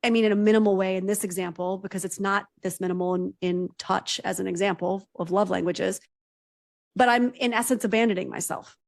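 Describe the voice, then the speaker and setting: A woman's voice: mid-range voice, fairly even intonation, brisk, gravelly, no echo. A woman therapist speaks as a podcast guest in a direct, emphatic way, often ending points with "right?". Her voice is recorded close and dry, with no room sound. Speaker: psychotherapist guest. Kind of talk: podcast conversation.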